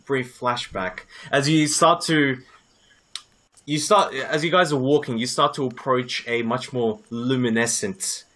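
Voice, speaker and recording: Man, game master, tabletop game narration, slow, halting, bright voice. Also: medium pitch, fairly even intonation, a little hiss or hum.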